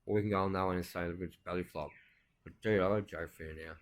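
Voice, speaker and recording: A man with a loud, ranting way of talking, swearing through crude casual banter and jokes as co-host. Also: low-pitched, steady tone, rapid-fire.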